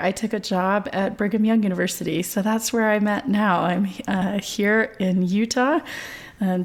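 A woman's voice: medium pitch, darkish tone. A woman in her thirties, a voice professor being interviewed, talking chattily with many fillers and easy laughter. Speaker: voice professor, guest. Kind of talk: conversational interview.

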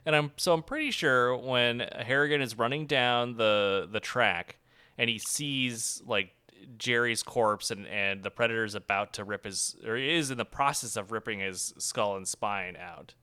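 A man co-hosting a casual movie review podcast, animated and laughing often as he talks. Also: medium pitch, a little slow, clean tone. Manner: animated, laughs often, bursts into shouted impressions of movie lines. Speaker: podcast co-host.

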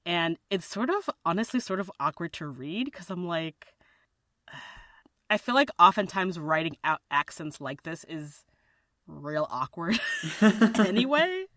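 A woman's voice: lowish voice, very animated, unhurried, fairly bright tone, no room sound, clean studio sound. A woman co-hosting a podcast, speaking hesitantly with many fillers and restarts and laughing often. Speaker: podcast co-host. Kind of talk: casual chat.

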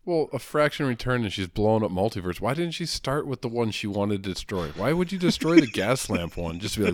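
A man chatting casually about comics. He swears freely and drops into quick impressions of the characters. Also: on the low side, big pitch swings. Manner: loose, profane, acts out characters in quick asides. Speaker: comic book discussion co-host. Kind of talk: casual chat.

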